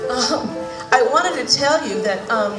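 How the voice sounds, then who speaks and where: A chatty cabaret singer from Boston, a woman with a broad Boston accent, bantering with the audience at a slow, unhurried pace. Her fairly high voice sounds distant from the mic, and the hall adds plenty of echo. A loud piano plays behind her. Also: animated. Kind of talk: live cabaret banter between songs. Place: senior center hall.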